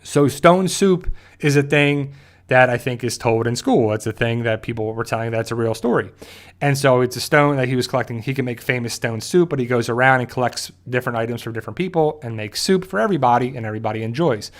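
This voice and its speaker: A man hosts a casual recap of a TV episode. He rambles through the plot, keeps circling back, and fills gaps with "uh" and "you know". His voice sits at an ordinary middle pitch. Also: quick pace. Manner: rambling with frequent fillers and restarts. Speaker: show host.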